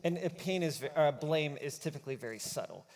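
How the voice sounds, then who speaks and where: A man's voice: fairly high pitch, expressive, fast, vocal fry, a little mellow. A man speaking at a church conference in an easygoing, conversational way. He often acts out quoted inner dialogue. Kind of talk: conversational stage talk. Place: church auditorium. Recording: long reverb of a large hall.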